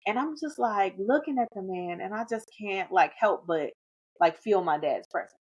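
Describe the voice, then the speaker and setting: A woman guest telling a lively anecdote in casual conversation. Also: medium pitch, moderate pace, husky, lo-fi sound. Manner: animated, chatty anecdote-telling. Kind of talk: casual storytelling.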